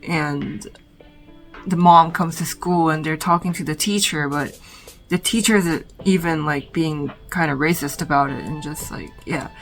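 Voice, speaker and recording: A woman vlogging from her bedroom, talking about films in a reflective, halting way full of "like". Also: sits low, creaky, a bit bright, faint music behind, rough recording. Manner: reflective, halting, heavy use of "like". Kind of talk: casual film recommendations.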